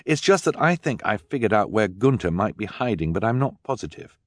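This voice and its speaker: A man's voice: fairly low pitch, very animated, brisk, no room sound, studio quality. A man voicing an earnest, bookish teenage boy in an audiobook, polite and precise.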